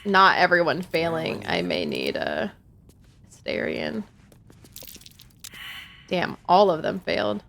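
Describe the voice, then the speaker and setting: A woman's voice: fairly low pitch, wildly swooping pitch, slow, vocal fry, long pauses, a bit bright, a little hiss or hum. A woman streaming a game, chatting casually and reading in-game notes aloud. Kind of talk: casual gameplay commentary.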